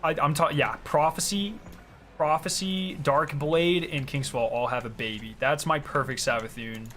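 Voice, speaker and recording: A man chatting casually on a gaming stream, excitable and ranting with plenty of swearing. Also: mid-range voice, normal speed, soft background music.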